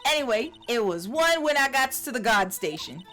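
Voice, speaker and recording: A woman's voice: on the high side, big pitch swings, normal speed, fairly bright tone, faint music behind. A woman voicing a chatty, rambling elderly female security guard who calls everyone "dearie" in a video game.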